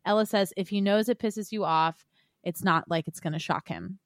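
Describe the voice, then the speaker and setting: A woman co-hosting a casual podcast, recapping reality TV in a chatty, animated way and laughing often. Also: medium pitch, normal speed, no echo, studio quality. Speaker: podcast co-host.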